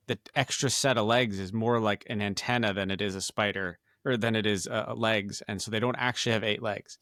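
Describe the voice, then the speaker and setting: A man's voice: on the low side, a bit bright, dry recording, clean studio sound. A man co-hosting a casual podcast, rambling with lots of filler words and casual swearing. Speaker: podcast co-host. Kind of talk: casual chat.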